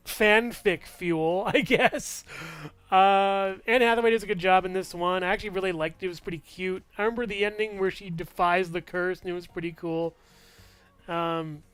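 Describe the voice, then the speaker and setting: A man's voice: high voice, clean tone, dry recording. A man casually reviewing movies in a vlog, rambling, full of fillers and restarts, chuckling often.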